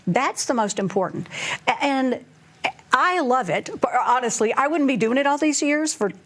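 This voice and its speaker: With a voice that sits high and a moderate pace, a middle-aged financial advisor talks casually. She tells her stories animatedly, playing out the dialogue she's had with clients.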